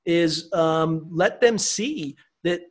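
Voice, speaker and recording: A man with a high voice talks as a podcast guest. He sounds upbeat and chatty and keeps dropping in "you know" and "right." It is a casual, easygoing conversation. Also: very slow.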